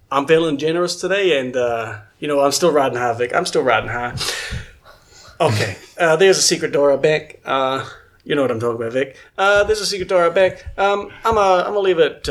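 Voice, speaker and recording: A man's voice: mid-range voice, a bit bright, natural voice. A man voicing a flirtatious, smug male eel keeper, talking in a folksy drawl full of hesitations.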